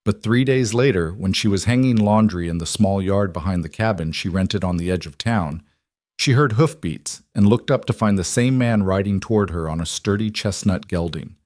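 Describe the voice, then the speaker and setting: A man tells a story as scripted narration, keeping a steady, even storytelling manner. His voice is fairly low and moderately paced, recorded with clean studio sound and no echo.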